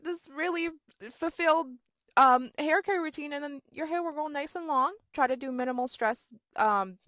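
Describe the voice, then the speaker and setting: A woman's voice: mid-range voice, a bit bright, no room sound. Chatty young woman in a dry room. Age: 20s. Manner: chatty, sarcastic, many fillers like "like" and "okay?". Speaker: storytime vlogger. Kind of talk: casual storytelling to camera.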